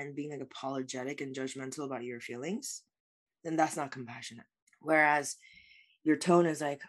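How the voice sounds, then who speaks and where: As a life coach guest in an interview, a woman answers earnestly and reflectively, using "like" as filler many times. Her voice is deep and her pace moderate.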